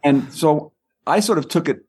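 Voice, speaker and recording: Man, husky, middle-aged, author guest, lively storytelling, repeats words. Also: on the high side. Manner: quick, repeats words and acts out quoted people. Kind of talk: animated anecdotal storytelling.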